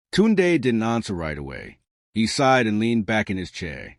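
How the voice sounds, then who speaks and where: Low-voiced man narrating a story. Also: wildly swooping pitch, unhurried, dry recording, clean studio sound.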